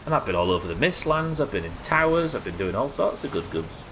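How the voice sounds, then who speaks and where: A man's voice: mid-range voice, very animated, fast, background noise. A man chatting casually while streaming a game, crude and joking, laughing often. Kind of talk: casual live-stream chat.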